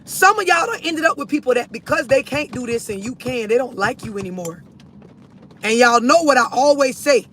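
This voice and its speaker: High-voiced man preaching a blunt rant. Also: animated, fairly quick, bright, forceful tone, a little hiss or hum. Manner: blunt, profane, preachy, addresses viewers directly. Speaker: livestream host. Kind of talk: ranting livestream monologue.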